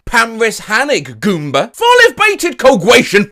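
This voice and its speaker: High, lively man joking. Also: unhurried, hardly any pauses, dry recording, clean studio sound. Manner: animated, jokey, mock voices for posts. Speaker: comedy host reading posts. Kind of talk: comedic commentary.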